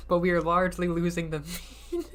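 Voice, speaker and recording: A woman streamer giving casual, self-mocking commentary while she plays a game. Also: fairly low pitch. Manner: chatty, self-mocking, giggly asides. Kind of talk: casual let's-play commentary.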